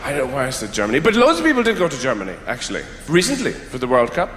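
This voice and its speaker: Rambling Irish comedian in a reverberant hall. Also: male voice, medium pitch, wildly swooping pitch, rapid-fire, slight background noise. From Ireland. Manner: rambling, wry, swings between mumbled asides and loud outbursts. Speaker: stand-up comedian. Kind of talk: stand-up comedy routine. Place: theatre stage before a live audience. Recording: roomy hall with long reverb.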